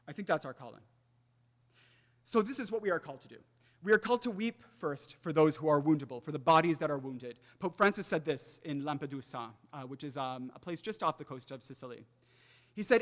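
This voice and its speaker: A young man giving a faith talk, telling a personal story in an earnest way and often dropping to a soft hush. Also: a little high, animated, brisk. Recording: long hall reverb.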